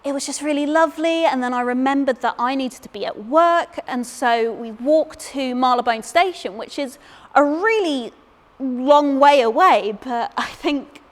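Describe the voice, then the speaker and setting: A woman's voice: high voice, normal speed, big-room sound. A young woman from England tells a comic personal story on a theatre stage. She is chatty and self-deprecating, and often stumbles over repeated words. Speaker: solo performer.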